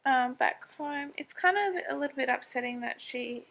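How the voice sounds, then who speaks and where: A young woman, a new mother, chatting casually to camera at home, talking slowly with a gravelly edge. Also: high-pitched, highs cut off. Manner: chatty, talks to her baby in a sing-song voice. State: tearful. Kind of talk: casual vlog chat.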